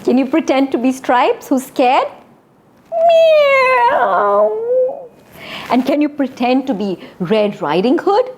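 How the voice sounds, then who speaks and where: A woman telling a story to children and coaching them to act it out, encouraging and animated. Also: high-pitched, normal speed, hardly any pauses, a little hiss or hum. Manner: encouraging, animated, gives instructions. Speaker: storyteller and drama leader for children. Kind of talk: interactive story enactment for kids.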